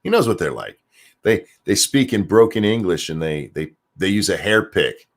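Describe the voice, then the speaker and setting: A man's voice: low voice, animated, normal speed. A man giving casual ranting commentary as host of his own show, sarcastic and swearing freely, often repeating words as he gets worked up. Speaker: commentary streamer.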